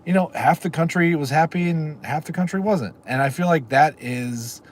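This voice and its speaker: A man's voice: a little high, normal speed, slight background noise. A middle-aged man, hosting a livestream in a rambling casual chat and answering comments from viewers. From Texas. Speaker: livestream host.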